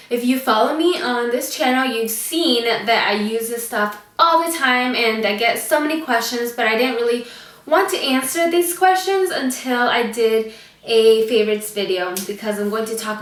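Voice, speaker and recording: Breathless chatty woman vlogger, slightly high voice, set back from the mic in an echoey room. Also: a bit bright, recorded from a distance. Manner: chatty, lots of fillers. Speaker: beauty vlogger. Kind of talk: casual chat to camera.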